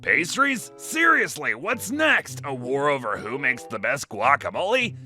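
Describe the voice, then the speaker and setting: A man voicing a flustered, disbelieving male Mexican government official in an animated history cartoon, in an incredulous, exasperated way. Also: a little high, moderate pace, soft background music, pitched above the performer's own voice, heavily acted.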